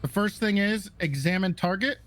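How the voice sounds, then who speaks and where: A man's voice: high-pitched, moderate pace, a bit bright. A man instructing police recruits in a roleplay game, talking casually and checking in with "okay" and "right" after each point.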